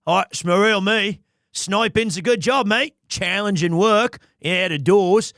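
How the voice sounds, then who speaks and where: A man's voice: high voice, unhurried, a bit bright, slight background noise. A man voicing a timid, hulking male actor in a video game, with a wobbly put-on Australian accent and a stammering, apologetic manner. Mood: nervous.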